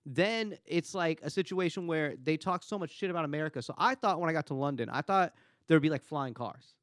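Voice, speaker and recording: La comedian guy hosting a podcast, slightly high voice, jokey and crude, dead dry room. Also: fairly quick, no echo. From Los Angeles. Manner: animated, profane, acts out quotes. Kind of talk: casual comedic chat.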